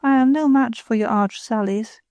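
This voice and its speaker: A woman's voice: fairly high pitch, moderate pace, a little mellow, no room sound, lightly acted. A woman reading the part of an affected young woman with an artificially sweet, sentimental manner. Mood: languishing.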